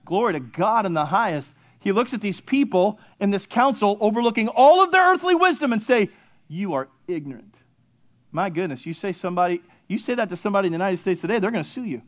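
Brief: man in his 50s, high-pitched pastor, fervent sermon delivery, soft to loud swings. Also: lively intonation, fast talker, hardly any pauses.

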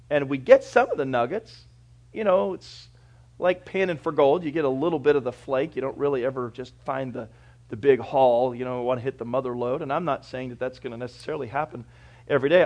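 Guy preaching in church, kinda high voice, chatty folksy sermon, gets loud then drops real quiet. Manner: folksy, conversational preaching with everyday examples and asides; swings from quiet, reflective lines to loud, lively bursts. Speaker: pastor.

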